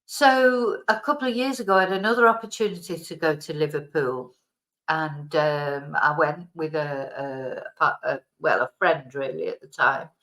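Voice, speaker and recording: A woman's voice: sits low, steady tone, normal speed, fairly bright tone. A woman from Manchester, with a light Manchester accent, chatting casually to camera, rambling and correcting herself as she goes, with a laugh now and then. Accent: Mancunian, softened. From Manchester, England. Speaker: vlogger. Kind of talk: casual chat. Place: home, lives in Spain.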